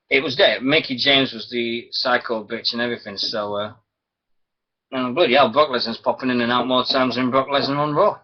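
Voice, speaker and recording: A man hosting a wrestling radio show alone, rambling, chuckling and losing his thread. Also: medium pitch. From Britain. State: sore throat. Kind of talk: rambling solo internet radio chat. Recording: dull lo-fi stream audio.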